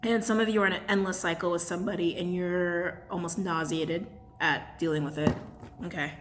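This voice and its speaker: Brisk and fairly low-pitched with fairly even intonation, this woman delivers a casual channeled tarot and crystal reading to camera. She's chatty and blunt, laughs a lot and swears, and there's a little hiss or hum in the background.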